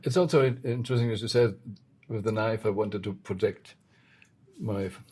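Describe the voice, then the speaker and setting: Male host, mellow tone, husky, halting questions, interview. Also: on the low side. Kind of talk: interview conversation.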